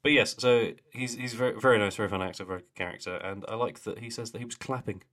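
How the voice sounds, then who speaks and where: Chatty low-voiced young man. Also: fast talker, a bit bright. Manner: chatty, laughing, trails off into mumbles. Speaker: podcast co-host. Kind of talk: casual chat.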